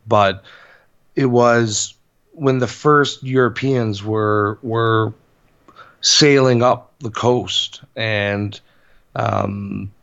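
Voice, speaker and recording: A man co-hosting a podcast, explaining things in a halting, hesitant way. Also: mid-range voice, a bit bright, lo-fi sound. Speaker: podcast co-host. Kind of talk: casual podcast chat.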